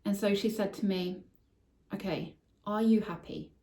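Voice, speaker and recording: A woman's voice: mid-range voice, steady tone, a little slow, dark tone. Candid woman telling her story. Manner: candid, emotional, swears casually. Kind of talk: personal storytelling monologue. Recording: echoey room, voice somewhat far from mic.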